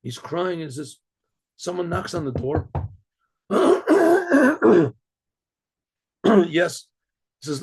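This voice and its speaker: A middle-aged rabbi telling a story aloud, with frequent throat clearing and many repeated, restarted words. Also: male voice, fairly high pitch, sing-song, slow pace, pauses often, a little mellow. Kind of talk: spoken story narration.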